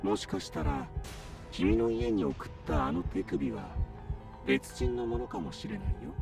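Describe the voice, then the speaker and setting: A sinister wheelchair-bound villain in a video game, his voice sinking very low and growing gravelly. He swings his pitch widely and sounds friendly yet menacing. Game music plays behind him. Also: big pitch swings, fast, exaggerated voice. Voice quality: gravelly, shifting, distorted. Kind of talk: game voice acting.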